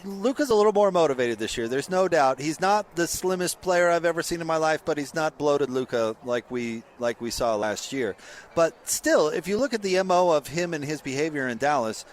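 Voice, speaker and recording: A sports radio host with a fairly high voice tears into what he dislikes in blunt, sarcastic bursts. His animated delivery carries faint background noise behind it. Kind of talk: opinionated sports talk.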